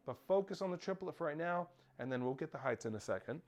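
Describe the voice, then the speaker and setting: A man's voice: fairly high pitch, lively intonation, fast, hardly any pauses, over loud music. A man teaching a snare drum lesson, counting off and calling out rhythms and stickings. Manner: counts off and calls out rhythms, sometimes shouting over drums. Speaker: percussion teacher. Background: snare drumming.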